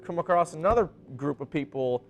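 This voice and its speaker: A man's voice: on the high side, expressive, fairly quick, soft background music. A man co-hosting a casual review chat, chatty and playing out characters' lines while recapping. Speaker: podcast co-host.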